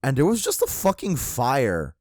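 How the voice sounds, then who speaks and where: A man co-hosting a casual podcast, talking at a middle pitch. He tells the story with excitement and plenty of profanity. The recording is close and dry, with no room sound. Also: moderate pace, no echo. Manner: profane, animated retelling of a comic. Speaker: podcast co-host. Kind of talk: casual chat.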